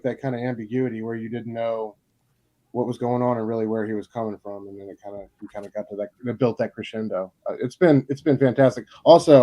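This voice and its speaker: A man on a live-streamed panel, talking with halting enthusiasm. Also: mid-range voice, warm tone, no room sound. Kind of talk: casual live-stream chat.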